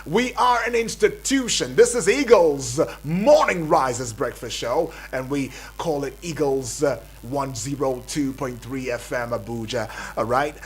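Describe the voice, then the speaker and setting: A man with a Nigerian accent hosting a breakfast radio show, hyping up listeners with repetitive, energetic patter from the studio. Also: mid-range voice, unhurried, hardly any pauses. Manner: hype-building, repetitive, calls out to listeners.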